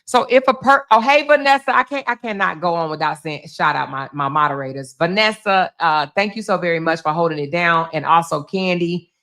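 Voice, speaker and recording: Bright-voiced woman hosting a chatty livestream. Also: fairly low pitch, brisk, hardly any pauses. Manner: greets viewers by name, chatty and affectionate. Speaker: livestream host. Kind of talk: casual livestream chat.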